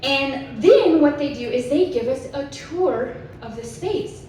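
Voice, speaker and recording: Telling a story at a conference, a woman in her 30s speaks slowly in a high, expressive, mellow voice, chatty and full of "like". The recording is echoey and distant, with faint hiss from the hall.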